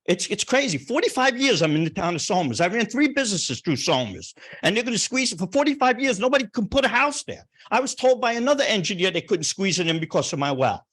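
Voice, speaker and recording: An older man speaking up at a town planning board meeting. He is plainspoken and emotional, circling back over the same points. His voice sits a bit high for a man. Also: sing-song, fast, hardly any pauses, a bit bright, husky. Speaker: resident speaking at a public hearing. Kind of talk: impassioned public comment.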